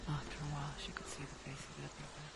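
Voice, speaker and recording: A voice actor playing an unseen voice that whispers in a hero's head, breathy and confiding, in a whispered role-play. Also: mid-range voice, completely flat delivery, heavy background noise, natural voice. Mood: eerie. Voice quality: breathy, hushed, unvoiced whisper. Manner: slow, intimate, confiding. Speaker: whispering inner voice narrating.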